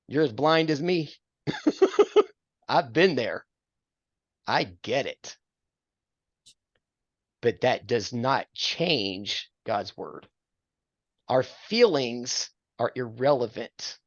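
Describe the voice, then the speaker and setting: A man's voice: mid-range voice, animated, slow, pauses often, dry recording, muffled recording. An older man counseling a married couple, earnest and preacherly, quoting scripture with a self-deprecating streak. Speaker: marriage mentor.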